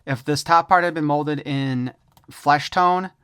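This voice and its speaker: A man with a fairly high, smooth and clear voice talks through a toy unboxing in a loose, chatty way. He is opinionated and wry and slips in jokes as he goes. The sound is close and dry, with no room echo. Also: takes it slowly, bright, forceful tone. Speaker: toy reviewer. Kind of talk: casual unboxing review.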